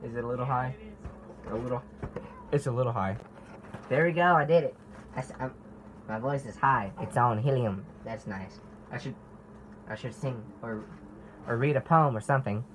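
A man vlogging casually to the camera in a playful, excitable way, by his car outdoors. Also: medium pitch, normal speed, pauses often, slight background noise, rough recording. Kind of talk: casual vlog talking to camera.

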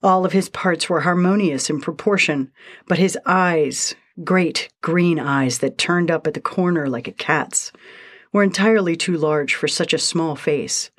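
A woman narrating a short story in a steady, measured reading style. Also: sits low.

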